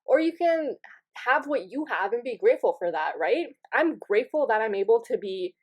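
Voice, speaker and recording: Husky and a little high, with big swings in pitch, this young podcast host rambles through a funny solo story at normal speed, giggling often and poking fun at herself. The audio is lo-fi.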